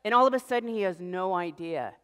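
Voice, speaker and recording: A middle-aged American woman giving a lively public lecture, telling stories and acting out little voices. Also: on the low side, fairly quick, clear, resonant tone. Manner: animated storytelling, acts out voices. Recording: reverberant lecture hall.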